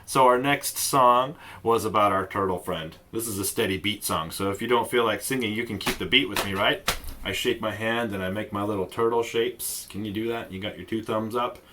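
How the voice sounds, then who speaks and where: A man's voice: fairly low pitch, a little fast, bright, forceful tone, a little hiss or hum. A man teaching an online music lesson for kids, playful and demonstrative, with a lot of singing and voice play. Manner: playful, sings and demonstrates voice sounds.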